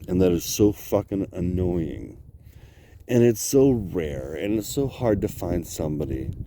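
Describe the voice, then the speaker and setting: Man, sleep-deprived, very deep voice, slow rambling talk, profane, outdoor video diary, wind and ambience behind. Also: warm tone. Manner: profane, tired and rambling, laughing often. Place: outdoors by water.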